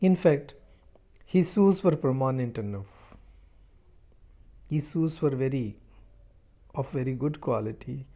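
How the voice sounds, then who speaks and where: Slow, mellow-voiced male teacher explaining a story. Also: mid-range voice, lively intonation. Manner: reads a sentence, then restates it slowly in simpler words; halting, with repeated words and restarts. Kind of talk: reading a story aloud and explaining it line by line.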